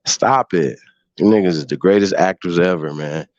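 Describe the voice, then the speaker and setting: A man's voice: low voice, moderate pace, a little mellow, no room sound, muffled recording. A man hosting a casual livestream, mocking and profane, laughing often. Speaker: host.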